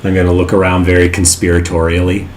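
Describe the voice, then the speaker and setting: A man's voice: low voice, completely flat delivery, quick pace. A man playing in a tabletop game, talking in an easygoing, playful way and slipping into his character. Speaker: player. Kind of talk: tabletop role-play, casual chat. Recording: echoey room, faint hiss.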